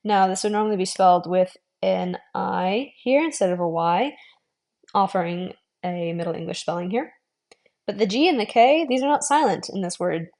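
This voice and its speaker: A woman giving an online language lesson, modelling sounds slowly, repeating them and adding friendly, encouraging asides. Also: mid-range voice, creaky, darkish tone. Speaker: language teacher.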